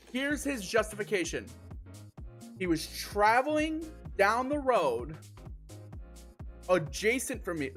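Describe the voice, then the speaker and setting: A young man live-streaming an animated, profane storytime, with sudden incredulous outbursts. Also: high voice. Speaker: livestreamer.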